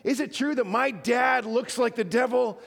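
A man's voice: extremely high pitch, normal speed, vocal fry, fairly bright tone, long reverb tail, voice pushed up, exaggerated voice. A man voicing an earnest, curious little girl of three or four, asking question after question.

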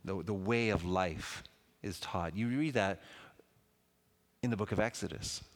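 A man preaching a sermon in a lively, conversational way, with asides to the congregation. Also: low-pitched, a little slow. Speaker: pastor. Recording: long hall reverb.

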